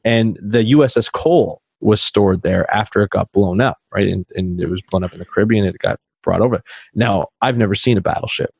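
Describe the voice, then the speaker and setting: A man, a podcast guest, telling animated anecdotes in a casual interview. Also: lowish voice, fairly quick, creaky, breathy edge, dry recording. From Canada. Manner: animated anecdotes, acts out quoted dialogue.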